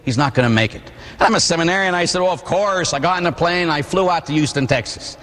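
A man in his forties from Pittsburgh, a priest preaching a sermon with animated storytelling and acted-out voices. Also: high voice, quick pace, long reverb tail. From Pittsburgh, USA. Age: 40s. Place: church.

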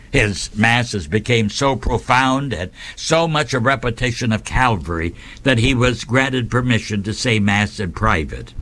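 A man hosting a radio program, reading a devotional story in a measured, reverent way. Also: medium pitch, a bit bright. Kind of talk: scripted devotional narration.

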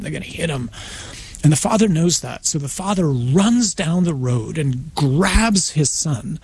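A man, a priest guest on a radio interview, retelling a story in a conversational, animated way. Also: a little high, slight background noise. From United States. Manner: conversational, acts out voices in his retelling, frequent restarts.

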